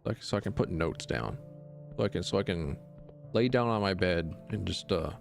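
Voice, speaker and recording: A man with a lowish voice chats loosely during a game stream. His speech swings widely up and down, full of stammered restarts and offhand jokes. Soft game music sits faintly underneath. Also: expressive, moderate pace, gravelly. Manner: rambling and stammering, with frequent restarts and jokey asides. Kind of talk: casual let's-play commentary.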